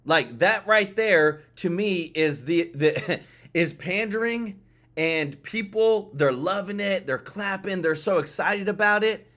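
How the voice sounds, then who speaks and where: A man's voice: high voice, slow pace, fairly bright tone, slight background noise. A man hosting a political commentary show, talking emphatically and often repeating himself as he speaks to his viewers. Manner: emphatic, repetitive, addresses viewers and chat.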